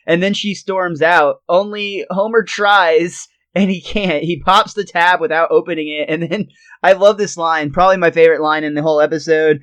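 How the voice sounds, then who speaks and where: A man's voice: high voice, moderate pace, fairly bright tone, clean tone. A man co-hosting a podcast, retelling a cartoon episode scene by scene in casual chat and laughing often. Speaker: podcast co-host.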